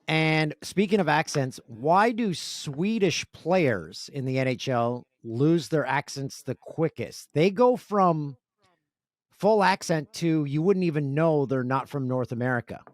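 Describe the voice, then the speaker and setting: A man from Canada, a sportscaster guest on a podcast, telling stories in an animated way and laughing easily. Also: a little high, dry recording, clean studio sound. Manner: animated, storytelling, quick to laugh. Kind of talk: casual interview chat.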